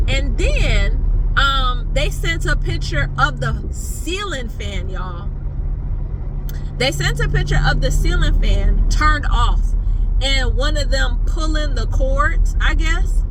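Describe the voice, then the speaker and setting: A woman chatting casually to her viewers about a story, animated and laughing often, recorded in her car. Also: sits high, noisy background. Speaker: vlogger telling a story. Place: in her car, then outside by a garage.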